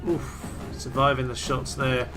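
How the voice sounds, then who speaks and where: A man giving excitable, theatrical commentary on a strategy game he is playing, often laughing and cheering. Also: mid-range voice, a little slow, over music. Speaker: let's play host. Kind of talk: gameplay commentary.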